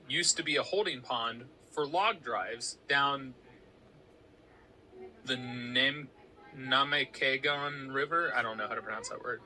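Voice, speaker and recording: A man's voice: medium pitch, bright, forceful tone, a little hiss or hum, low-quality recording. A man co-hosting a casual podcast chat, explaining researched facts in an informative way. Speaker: podcast co-host.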